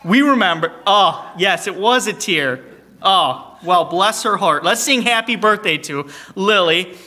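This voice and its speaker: A man hosting a church service as song leader, making announcements in a playful, teasing way with quick joking asides. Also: high voice, expressive, sharp tone. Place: church sanctuary, streamed online.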